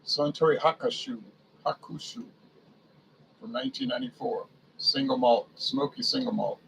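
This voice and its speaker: Gravelly man reading a liquor list. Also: fairly high pitch, huge pitch swings, moderate pace, fairly bright tone, slight background noise, rough recording. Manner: muses aloud, stumbles over foreign names. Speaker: beer and spirits reviewer. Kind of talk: casual reading aloud from a liquor catalog.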